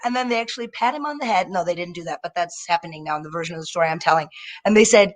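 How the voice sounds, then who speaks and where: A young woman performing a stand-up set over a live video stream, telling stories in an animated way and slipping into mocking voices. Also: on the low side, quick pace. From Indian family. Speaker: stand-up comedian.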